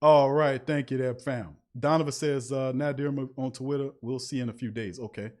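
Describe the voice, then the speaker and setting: A man hosting a live sports talk stream, reading viewer chats and ranting in an animated, preachy way with lots of repetition. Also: medium pitch, normal speed. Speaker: sports talk show host.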